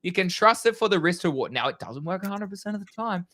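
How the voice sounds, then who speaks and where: A young man co-hosting a casual crypto trading live stream, energetic and slangy. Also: high-pitched, fast. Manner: energetic, excitable, slangy, swears.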